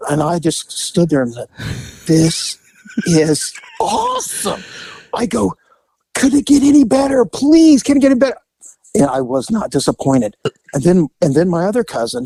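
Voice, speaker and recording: Male podcast host, higher voice, dry close sound, lively yarn-spinner who jumps into the voices he quotes. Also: no echo, low-quality recording. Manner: animated storyteller, acts out quotes in high voices. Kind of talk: casual storytelling chat.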